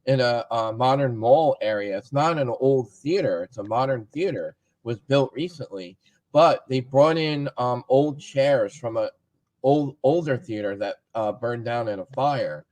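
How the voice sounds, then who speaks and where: A man's voice: mid-range voice, a little slow, darkish tone, poor audio. A man hosting a podcast in casual chat, friendly and agreeable with many short replies. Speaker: podcast host.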